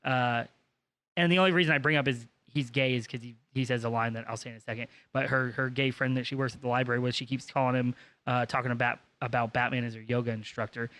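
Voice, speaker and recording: A man chats casually on a comedy podcast. He retells a story loosely, stumbling over his words and restarting his sentences, in a voice of ordinary pitch. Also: steady tone, fast talker, fairly bright tone. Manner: rambling retelling with restarts and fillers. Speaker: podcast co-host. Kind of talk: casual chat.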